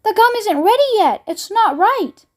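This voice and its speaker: An eccentric candy maker from a storybook, gentle and fretful, sighing over his inventions, as a woman reading aloud puts him on. The voice sits high. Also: very animated, normal speed. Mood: alarmed. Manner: gentle, fretful, hand-wringing.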